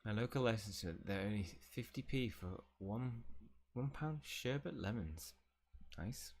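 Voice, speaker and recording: A man's voice: medium pitch, lively intonation, measured pace, darkish tone. A man streaming a video game, joking and chatting with viewers in a rambling way. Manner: jokey, rambling, chats with viewers. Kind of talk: casual livestream commentary.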